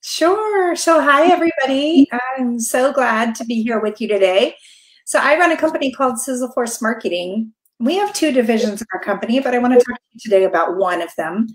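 A woman's voice: fairly high pitch, animated, fairly quick. A middle-aged woman, a marketing coach and guest, presenting on a business webinar in an upbeat, direct way that often checks in with her listeners. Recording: roomy echo.

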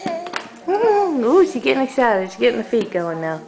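A woman's voice: high-pitched, very animated, normal speed, a crowd in the background. A woman filming a baby at home with a camcorder, coaxing her in sing-song baby talk. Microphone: handheld camcorder.

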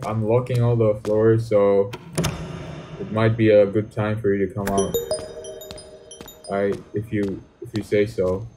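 A man's voice: fairly low pitch, level tone, measured pace, over music. A young man, commenting jokingly on a horror game as he plays and talking back to its characters. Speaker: gaming YouTuber.

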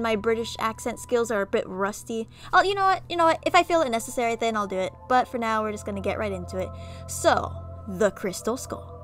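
A woman gaming YouTuber reading an interactive horror story aloud, breaking off into chatty, self-mocking asides. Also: a little high.

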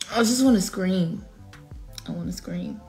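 A young woman, teary after crying, talking emotionally in a casual selfie vlog, her voice swinging from whispers to shouts. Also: mid-range voice. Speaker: singer.

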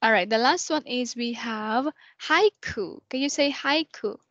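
A woman teaching an English lesson over a video call, patient and repeating words slowly as she counts syllables. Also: fairly high pitch, a bit bright, dry recording, lo-fi sound. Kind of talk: online one-on-one lesson.

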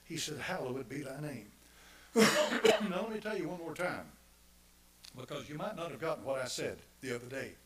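A male pastor preaching a sermon, repeating phrases for emphasis and swinging from quiet asides to loud, emphatic declarations. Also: mid-range voice, slight background noise, rough recording.

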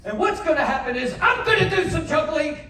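A man's voice: very high-pitched, lively intonation, fairly quick, pushed and bright. A man doing comedy patter from a stage, joking with the crowd and urging it to cheer. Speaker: variety performer. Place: large cruise ship theater. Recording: echoey theater filmed from far off. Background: audience noise.

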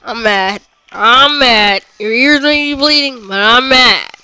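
Guy with a really high bright voice doing let's play commentary, gets worked up and yells at the game. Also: slow pace, slight background noise, poor audio. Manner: excitable, groans and yells at the game. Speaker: gamer.

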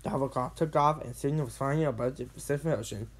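A woman narrating a children's storybook read-along with expressive, dramatic delivery. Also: extremely low pitch, fast.

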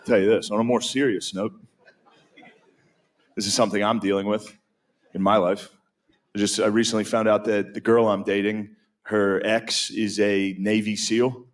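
A man's voice: lowish voice, normal speed, long pauses. A man doing a stand-up set, with a laid-back, crude and self-mocking delivery. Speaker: stand-up comedian. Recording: live set with steady background noise.

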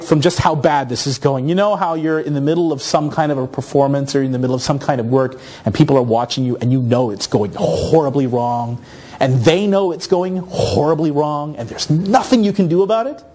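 A man from North America giving a conference talk, telling a story in an animated, self-mocking way. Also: a little high, a little fast. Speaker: conference speaker.

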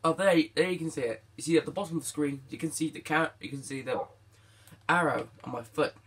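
A man hosting a let's play, chatting to viewers and his pet and exclaiming excitedly at what happens in the game. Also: on the high side, fast talker, breathy edge. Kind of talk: gaming commentary.

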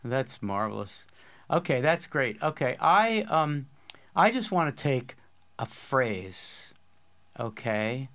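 A man's voice: medium pitch, sing-song, takes it slowly, fairly bright tone. A man hosting a poetry course discussion, explaining ideas with eager enthusiasm in a casual academic way.

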